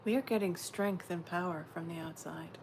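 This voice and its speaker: A woman giving a spiritual oracle card reading, gentle and dreamy, often slipping into soft whispers. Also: lowish voice, normal speed, creaky, a little hiss or hum.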